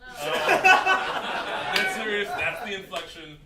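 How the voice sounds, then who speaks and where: A man's voice: high-pitched, wildly swooping pitch, slow pace. A male comedian telling a rambling story on stage, laughing as he goes. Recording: echoey club from far off, noisy.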